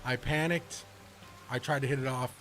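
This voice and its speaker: A man streaming a video game who tells stories in an animated, slangy way and laughs often. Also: mid-range voice, moderate pace, faint music behind. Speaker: gaming streamer. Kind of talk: casual storytelling while playing.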